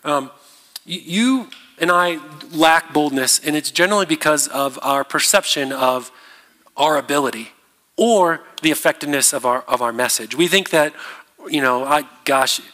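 A man preaching a sermon as a pastor, in a conversational, halting way with many fillers and restarts. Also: fairly high pitch, bright, forceful tone. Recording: long reverb of a large hall.

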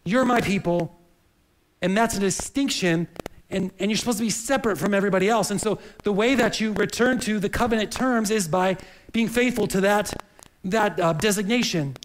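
A man's voice: high-pitched, moderate pace, poor audio. A man preaching a sermon in an earnest, searching way, often repeating words as he reaches for the next phrase. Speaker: pastor.

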